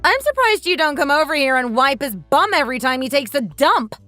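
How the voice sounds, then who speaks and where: A woman's voice: sits high, big pitch swings, brisk, soft background music, exaggerated voice. A woman voicing a sarcastic young wife who talks back bluntly to her mother-in-law in a texting-story drama. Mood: defiant. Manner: sharp, mocking, blunt.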